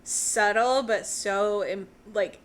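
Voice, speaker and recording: A woman's voice: medium pitch, slow. A woman co-hosting a casual movie podcast, rambling and laughing often, with casual swearing. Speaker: podcast co-host.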